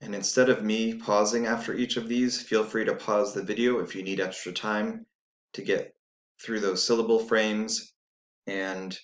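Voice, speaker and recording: A man's voice: on the low side, little pitch movement, normal speed. A man teaching a spelling lesson, dictating sounds and words patiently and spelling letters out one by one. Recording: echoey room.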